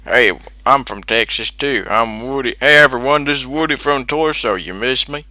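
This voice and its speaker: A man putting on a loud Texan cowboy. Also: medium pitch, normal speed. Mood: boisterous.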